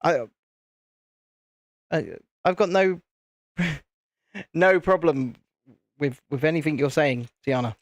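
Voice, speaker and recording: A British man hosts a live stream from his home setup with lights and cameras, chatting casually, rambling and reading viewer comments aloud while he builds at his desk. He speaks slowly into a desk mic, pausing often, in a slightly high voice with no echo.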